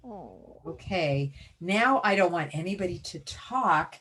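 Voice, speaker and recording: This woman teacher has a fairly low, fairly bright voice with lively intonation, and she speaks unhurriedly. Presenting a reading webinar over video call, she guides students step by step with encouraging, directive prompts.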